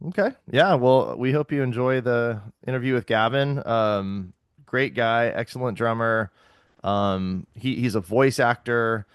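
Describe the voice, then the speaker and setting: A man co-hosting a casual podcast chat, relaxed, with lots of fillers and frequent laughs. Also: medium pitch, a little slow, clear, resonant tone, no echo, clean studio sound. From Texas. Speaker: podcast co-host.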